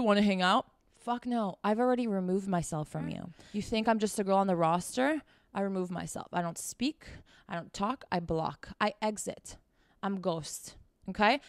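Woman podcast host, middle pitch, smooth and clear voice, dry close sound; blunt, profane, emphatic advice delivery. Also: no room sound. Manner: direct, talks straight to the listener with repeated "okay?". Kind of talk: casual advice monologue.

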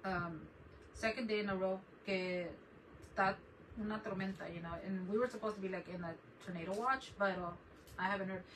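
A woman's voice: mid-range voice, steady tone, fairly quick, fairly bright tone. A woman hosting a casual craft live stream from her desk at home, chatting and laughing often as she greets viewers by name. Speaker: craft channel host. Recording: distant mic with faint background noise.

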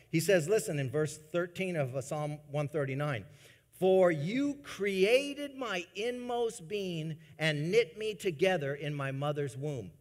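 A man preaching a sermon to his congregation, swinging between soft, low asides and loud, emphatic bursts. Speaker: pastor. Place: church sanctuary. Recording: long church reverb.

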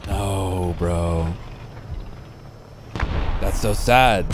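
A man's voice: low-pitched, drawn-out words, long pauses. A young man livestreaming a game, chatting casually and teasing with playful jokes and bursts of cheering. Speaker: livestreaming gamer. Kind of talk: casual gameplay commentary. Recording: game noise behind the voice. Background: gunfire and vehicle sounds from the game.

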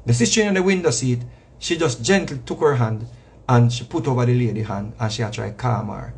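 Brisk and creaky, this reggae artist's mid-range voice has a darkish, slightly rough tone and a Jamaican accent. He gives a casual monologue that is preachy and emphatic, repeating itself with slang thrown in.

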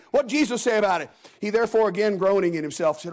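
Folksy animated man preaching. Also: high-pitched, very fast, hardly any pauses. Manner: folksy, animated storytelling with acted-out quotes. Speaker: guest preacher. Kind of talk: Sunday evening sermon.

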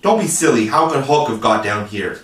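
A man putting on a cocky, excitable boy hero. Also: mid-range voice, moderate pace, close to an everyday voice. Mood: defiant. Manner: loud, urgent, exclaiming. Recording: roomy, distant mic.

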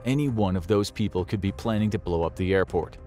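A man's voice: deep voice, a little fast, warm tone, faint music behind. A man narrating a scripted documentary in a grave, dramatic storytelling manner.

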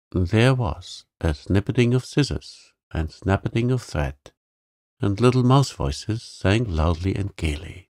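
A man reading a bedtime sleep story in a calm, soothing, gravelly voice. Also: low-pitched, no echo, clean studio sound. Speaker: narrator.

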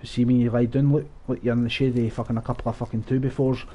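A man giving live, profane, rambling commentary over his own gameplay, breaking into excited outbursts. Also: mid-range voice, fast talker, muffled recording. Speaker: gaming channel host.

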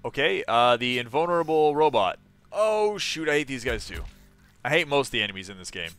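A young man streams a game and talks loosely with his chat, laughing often. His voice sits in a middle pitch, and he reacts out loud to what happens on screen. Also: sing-song, brisk, smooth, soft background music. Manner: chatty, laughs often, reads chat aloud. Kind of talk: casual live-stream chat.

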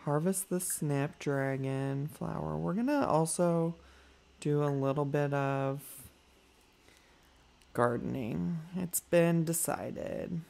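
Slow-talking man doing sassy game commentary. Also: a little high, vocal fry, darkish tone. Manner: chatty, talks to viewers as y'all, sassy asides to his character. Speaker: gaming YouTuber. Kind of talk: let's play gameplay commentary.

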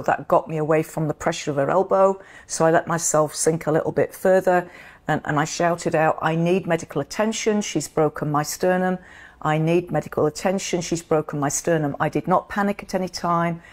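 Middle-aged woman from the UK, low voice, earnest interview guest telling her story. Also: darkish tone. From United Kingdom. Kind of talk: interview, personal account.

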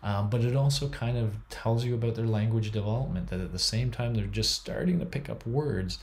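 A man's voice: medium pitch, fairly quick. A man giving a university psychology lecture in a chatty, enthusiastic way, with many fillers and restarts.

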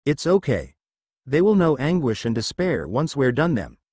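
A psychic goddess with a calm, cruel and possessive manner, read out by a man. The tone is cold and even, and the sound is close and dry. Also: medium pitch, moderate pace, no echo.

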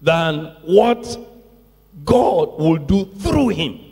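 Man, pastor preaching, emphatic and repetitive, slow delivery, long church reverb. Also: fairly high pitch, lively intonation, vocal fry, darkish tone, breathy edge. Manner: emphatic preaching with repeated phrases and call-outs. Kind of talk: sermon. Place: church sanctuary.

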